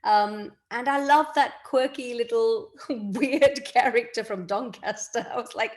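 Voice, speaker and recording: A woman's voice: fairly high pitch, unhurried, few pauses. A middle-aged woman from England, an actress chatting as a guest in a casual interview and laughing often.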